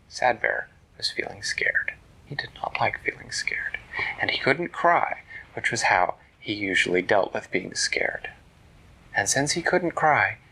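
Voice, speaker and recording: A man narrating a bedtime story in a hushed, slow, gentle whisper. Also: on the low side, gravelly, breathy edge, poor audio.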